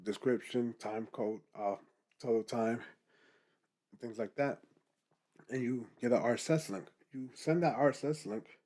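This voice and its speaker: A young man, a podcaster, giving casual advice straight to the camera in a lively, animated way. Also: medium pitch. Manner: animated, talks straight to the viewer, keeps asking "guess what?".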